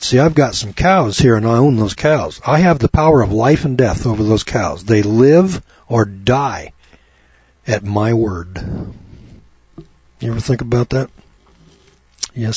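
Rural Bible teacher, a chatty man, husky, recorded dry and a bit muffled. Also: mid-range voice, a little mellow, no room sound. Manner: folksy, chatty, addresses listeners by name. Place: home studio on a rural property.

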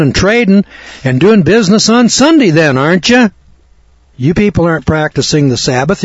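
A man's voice: on the high side, breathy edge, no room sound. A man preaching a blunt sermon in a sardonic, folksy way, recorded on a dull lo-fi recording. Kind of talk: blunt fire-and-brimstone sermon.

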